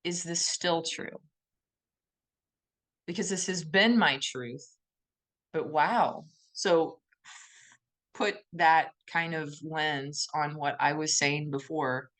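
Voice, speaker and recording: Low-voiced woman musing on a podcast. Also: slow pace, pauses often. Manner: thoughtful, gently emphatic, often poses questions to herself. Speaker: podcast co-host. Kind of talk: reflective conversational podcast talk.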